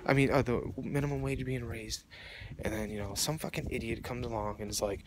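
A man's voice: mid-range voice, fast talker, few pauses. A young man vlogging outdoors in the cold on his phone, shivering as he rambles and swears in a heated rant. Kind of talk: casual rambling rant to camera. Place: outdoors in the cold near traffic. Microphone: phone camera. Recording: noisy outdoor phone recording with traffic.

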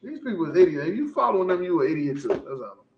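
A man hosting a podcast, talking in casual, profane, animated commentary and laughing often. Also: on the high side, fast talker, reverberant, highs cut off, background noise. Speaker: podcast host.

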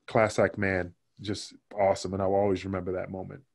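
Guest spot: a man with a lowish voice, swearing freely and rambling through stories. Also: completely flat delivery, a little fast, vocal fry, a little mellow. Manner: loose, profane storytelling with many fillers. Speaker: guest, former pro wrestler. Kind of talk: casual podcast interview.

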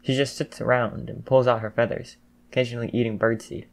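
A man's voice: mid-range voice, little pitch movement, a little fast, gravelly, close to an everyday voice. A man voicing a tired, dry-witted teenage boy student, speaking wearily. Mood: subdued.

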